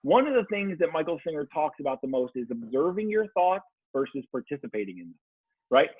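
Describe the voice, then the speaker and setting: A man's voice: on the high side, fairly quick, slightly rough, dry recording. A man talking as a coach guest in a casual podcast chat, telling stories with lots of swearing. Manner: animated storyteller, swears freely. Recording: tinny phone-like line.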